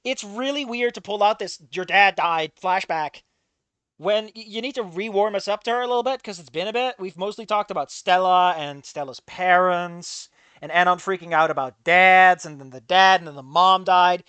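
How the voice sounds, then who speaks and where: Snarky guy ranting over a fanfic, bright voice, dry sound, swears a bunch. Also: high-pitched, normal speed, smooth, no echo. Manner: sarcastic, exasperated, swears a lot. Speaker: reader commenting on a fan fiction. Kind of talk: casual read-along commentary.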